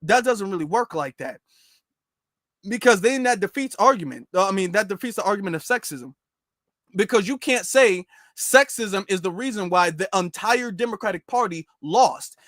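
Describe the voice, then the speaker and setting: A man's voice: sits high, expressive, moderate pace, fairly bright tone, no echo, clean studio sound. A man hosting a livestreamed reaction commentary show, sarcastic and repeating his rhetorical questions.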